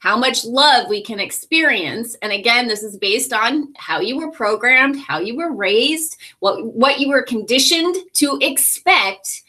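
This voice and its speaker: A woman from California talking casually to camera in a vlog, candid and quick to laugh, often correcting herself as she goes. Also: on the high side, expressive, sharp tone. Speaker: vlogger and podcast host.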